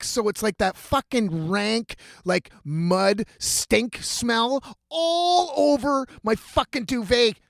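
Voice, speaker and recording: A man's voice: very high-pitched, sing-song, slow pace, vocal fry, few pauses, no room sound, clean studio sound. Exasperated, foul-mouthed storytelling man. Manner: profane, exasperated ranting. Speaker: podcast host. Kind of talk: comedic storytelling.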